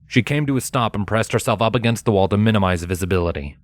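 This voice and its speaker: A man narrating a fanfiction chapter as an audiobook, in a steady, measured storytelling manner. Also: lowish voice. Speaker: audiobook reader.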